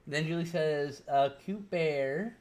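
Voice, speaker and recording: A woman's voice: deep voice, unhurried, darkish tone. Swearing chatty woman in her thirties. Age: 30s. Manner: swearing, storytelling, reads chat aloud. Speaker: streamer. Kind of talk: casual live-stream chat.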